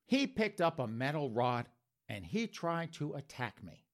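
A man's voice: on the high side, big pitch swings, unhurried. A man voicing a sleazy, defensive man who makes flustered, indignant excuses.

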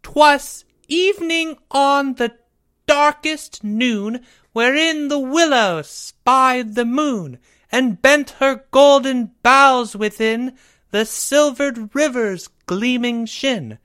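A man's voice: takes it slowly, fairly bright tone, smooth, exaggerated voice. A man voicing a pompous schoolboy poet who recites grandly in a slight put-on British accent. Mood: grandiose. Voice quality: high, affected and sing-song.

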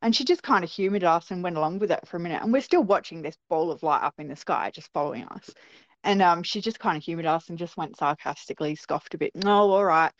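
Lively woman telling her story. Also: lowish voice, fast, dry recording. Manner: animated storytelling with childlike quoted voices. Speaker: interview guest. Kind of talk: recounting a personal experience. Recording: dry, dull lo-fi sound.

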